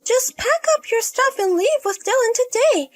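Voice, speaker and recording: A woman voicing a shrill, spiteful sister-in-law. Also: lively intonation, moderate pace. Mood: scornful. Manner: scornful, yelling insults.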